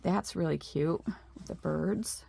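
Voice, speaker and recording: A woman's voice: fairly low pitch, takes it slowly, creaky, mellow, breathy edge. A middle-aged woman in a casual craft show-and-tell, chatting with lots of fillers and admiring asides. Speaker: craft vlogger.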